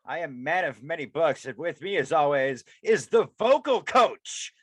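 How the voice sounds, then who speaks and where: A man's voice: on the high side, very animated, normal speed, husky, no echo. A man co-hosting a casual comedy podcast over a video call, teasing the others bluntly and swearing. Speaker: podcast co-host.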